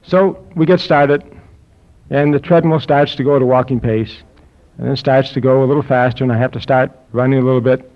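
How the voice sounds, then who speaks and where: An older man recounts a personal story in a dry, wry tone, with a voice of middling pitch for a man. The recording is dull and lo-fi. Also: fairly even intonation, fairly quick. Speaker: speaker telling his health story. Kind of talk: anecdotal talk to an audience. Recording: dull lo-fi recording with audience laughter.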